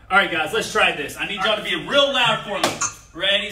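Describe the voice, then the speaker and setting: Man, young adult, martial arts instructor, energetic coaching, bright tense voice, echoey room. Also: high-pitched, fairly quick, far from the mic, a little hiss or hum. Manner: energetic coaching, drills children, shouts example phrases. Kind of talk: kids safety lesson.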